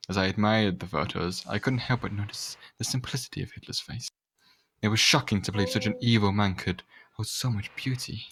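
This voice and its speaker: A man's voice: fairly low pitch, a little fast, fairly bright tone, a little hiss or hum. A young man reading a fanfic aloud to friends in a sarcastic, overacted way, now and then tripping over words. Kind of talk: mocking dramatic read-aloud.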